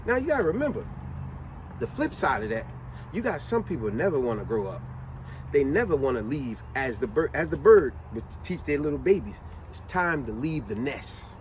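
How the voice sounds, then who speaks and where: A man's voice: mid-range voice, moderate pace, a little hiss or hum, low-quality recording. A man telling a motivational story in a casual, slangy way, full of rhetorical questions to his viewers. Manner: animated, slangy retelling with lots of rhetorical questions. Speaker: motivational vlogger.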